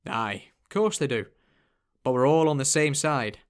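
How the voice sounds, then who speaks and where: A man's voice: mid-range voice, lively intonation, measured pace, clear, resonant tone, lightly acted. A man voicing a kindly older male angel boatman with a Yorkshire accent, chatty and folksy.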